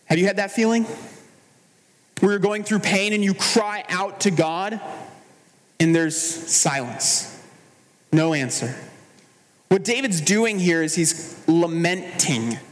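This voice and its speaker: Pastor, male, high voice, earnest measured sermon delivery; reverberant hall sound. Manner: earnest, measured preaching with slowed emphatic phrases.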